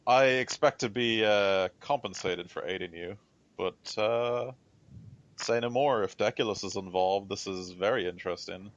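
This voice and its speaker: A man's voice: lowish voice, moderate pace, no echo, muffled recording, natural voice. A man voicing an aloof, calculating woman starship captain with a cybernetic hand, in a tabletop game. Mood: coy.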